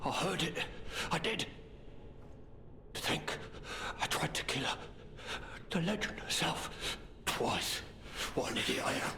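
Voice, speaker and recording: Scared, broken video game survivor, slow, high-ish voice, loud ambient hum behind him. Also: male voice, animated. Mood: rambling. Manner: pleading, broken, trailing off and repeating words. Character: terrified, rambling male survivor, half-drugged and breaking down. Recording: game audio over loud ambient noise.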